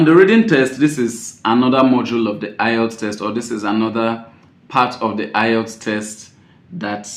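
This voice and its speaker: Emphatic male teacher in an echoey room. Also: lowish voice. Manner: emphatic, repeats key points, sudden loud stresses. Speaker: exam-prep teacher. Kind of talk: spoken tips lesson. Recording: roomy echo.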